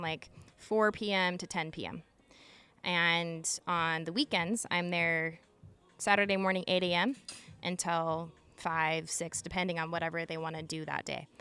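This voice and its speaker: A woman's voice: fairly low pitch, bright, forceful tone, clear, resonant tone. A woman in her thirties from Utah, a former emergency dispatcher, earnestly recounting a tense story as a podcast guest, with frequent "like" fillers. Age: 30s. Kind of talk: personal storytelling in a podcast interview.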